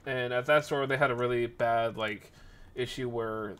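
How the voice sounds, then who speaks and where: A man hosting a podcast, telling a rambling story in a casual, animated way, correcting himself as he goes and acting out the people in it. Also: normal speed, clear, resonant tone. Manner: animated, acts out the people in his story with jumps in pitch and volume. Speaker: podcast host.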